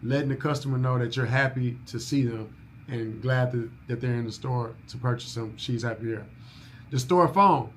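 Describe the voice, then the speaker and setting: A business owner training new staff runs an orientation like a coach, repeating his main points and checking that everyone follows. His voice is medium in pitch and moderately paced, with slight background noise.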